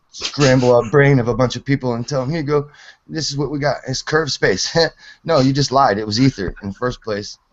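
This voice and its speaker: A man's voice: medium pitch, highs cut off. A man in his forties rambling casually about physics theories, swearing and laughing often. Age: 40s. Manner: rambling, profane, laughs a lot. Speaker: hangout participant.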